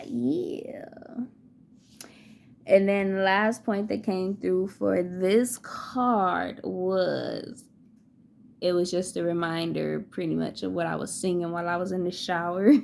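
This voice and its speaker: A woman's voice: mid-range voice, fairly even intonation, slow, gravelly. A woman giving a casual spiritual tarot and oracle card reading, who laughs often and breaks into song.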